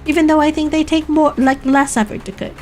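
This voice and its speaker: Giggly streamer woman, bright-pitched voice. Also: steady tone, fairly quick, faint music behind. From Canada. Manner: giggly, laughs often, restarts mid-sentence. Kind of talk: casual gaming stream chat.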